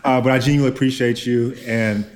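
A man's voice: mid-range voice, steady tone, fast, a little mellow. A man hosting a casual chat, playful and teasing with his guest. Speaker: host.

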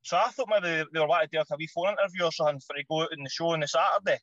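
Scottish man, high voice, quick and animated, swears freely, dull dry recording. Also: no echo. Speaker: podcast guest, former footballer. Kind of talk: casual anecdote telling.

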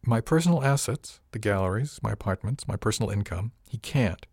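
A man voicing a composed, wealthy young woman in an audiobook, calm and matter-of-fact. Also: lowish voice, a little fast, no echo, studio quality.

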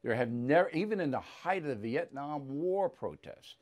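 A man's voice: on the high side, animated, normal speed. A male talk host delivering blunt, combative opinion commentary with mocking asides.

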